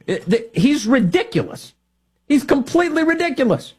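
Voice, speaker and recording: Husky, lively-voiced radio host man. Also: high-pitched, brisk. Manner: mocking, sarcastic, laughs at his own jokes. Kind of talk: political talk radio commentary.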